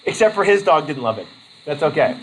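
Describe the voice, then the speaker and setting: A man's voice: fairly high pitch, big pitch swings, fairly quick, fairly bright tone, rough recording. A man from Vermont giving a casual college lecture, rambling with jokey asides.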